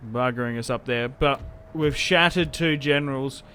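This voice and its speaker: A young man hosting a gaming channel jokes casually over his own strategy game, chatty and prone to trailing off and starting again. His mid-range voice moves at a moderate pace with a sharp edge, over slight background noise.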